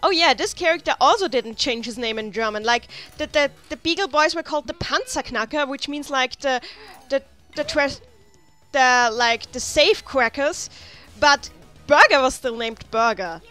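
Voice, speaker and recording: Chatty high-voiced woman playing a game. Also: normal speed, pushed and bright. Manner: rambling, chatty, many restarts and asides. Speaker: let's play host. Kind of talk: casual gameplay commentary. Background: faint game music.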